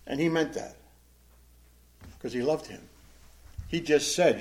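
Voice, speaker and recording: A man teaching a Bible study in a conversational, animated style, acting out the quotes he reads. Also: fairly high pitch, slow, pauses often, slight background noise.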